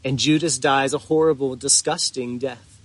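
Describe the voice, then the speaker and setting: A man preaching a sermon as pastor, earnest and deliberate, with drawn-out pauses for emphasis. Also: medium pitch, fairly even intonation, no echo.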